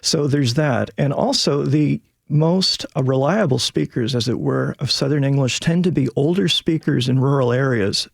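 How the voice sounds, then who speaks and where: A man's voice: mid-range voice, moderate pace, vocal fry, hardly any pauses, slightly rough, dry recording, clean studio sound. A male linguistics professor explaining things in a radio interview, with many fillers.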